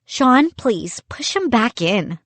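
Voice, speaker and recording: A woman's voice: fairly high pitch, big pitch swings, slow, fairly bright tone, no room sound, pitched above the performer's own voice, heavily acted. Woman voicing a frightened, stammering kid. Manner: alarmed, stammering cries. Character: frightened young kid narrator, jumpy.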